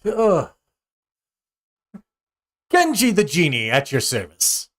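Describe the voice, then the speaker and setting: A man voicing a bratty male cat genie who whines and yells dramatically. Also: on the high side, huge pitch swings, slow, pitched above the performer's own voice, exaggerated voice. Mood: theatrical. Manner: whiny, dramatic, yelling.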